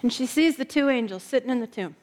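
A woman preacher telling a story in a sermon, slowing down and dropping her voice soft for emphasis. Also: high-pitched, expressive.

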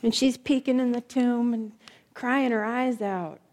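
A woman's voice: fairly high pitch, fairly even intonation, measured pace, a little mellow. A woman preaching a sermon, retelling stories emphatically with lots of repetition.

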